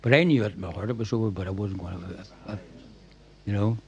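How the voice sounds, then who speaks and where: An older man, a former football manager telling lively anecdotes at a club night and acting out what people said. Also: fairly low pitch, fast talker, dull audio. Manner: animated storyteller, acts out quoted lines. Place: packed function room.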